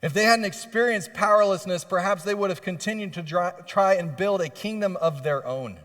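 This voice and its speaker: A man's voice: sits high, normal speed, a bit bright. Impassioned male preacher in a reverberant church. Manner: impassioned preaching, voicing pleading questions with rising intensity. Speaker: pastor. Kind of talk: sermon. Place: church sanctuary. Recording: long reverb of a church hall.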